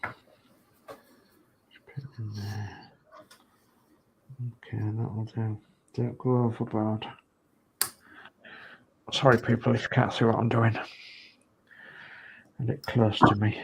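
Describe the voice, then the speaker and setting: A man's voice: on the low side, flat delivery, takes it slowly, creaky, pauses often, a little hiss or hum. A man chats casually and mutters encouragement to himself while painting a scale model at home. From United Kingdom. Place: home hobby room.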